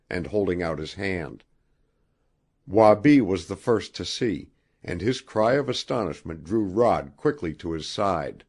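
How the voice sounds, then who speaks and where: A man with a deep, low voice reads an adventure audiobook in scripted narration. His pitch moves a lot, rising and falling with the story, and he tells it expressively. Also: darkish tone.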